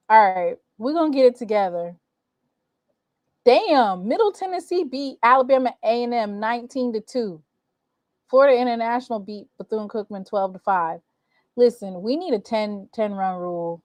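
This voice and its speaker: A woman's voice: a little high, moderate pace, no echo. A woman hosting a casual sports recap stream, talking to viewers as y'all and reacting to scores with exasperation. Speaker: sports show host.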